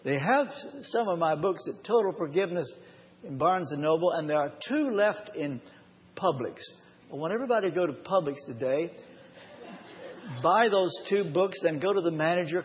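A man preaching a live sermon, his voice sitting fairly high. He tells his story earnestly and drags out the key phrases for weight. The recording is dull and washed in long reverb from a large church hall. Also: animated, slight background noise. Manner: earnest, personal storytelling with emphatic slowed phrases. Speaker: pastor.

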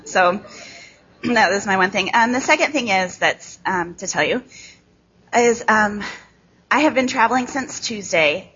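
A woman in her thirties from Chicago with a nasal American Midwest accent, giving a candid, self-deprecating talk to a church audience with many ums and halting restarts. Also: mid-range voice, pushed and bright, lo-fi sound, a little hiss or hum. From Chicago, USA. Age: 30s. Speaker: guest speaker. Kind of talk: conversational speech to a church audience.

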